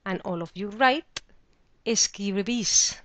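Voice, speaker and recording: A woman teaching a beginner Spanish lesson, explaining verb endings in a scripted way and saying the example words slowly and clearly. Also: medium pitch, a bit bright. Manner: clear, slow model pronunciation of example words.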